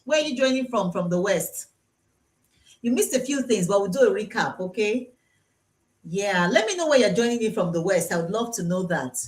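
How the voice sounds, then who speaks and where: Lively Nigerian woman dentist on a live stream. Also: medium pitch, normal speed. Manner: chatty, teasing, repeats key points for emphasis. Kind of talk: live-streamed health talk. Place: dental clinic.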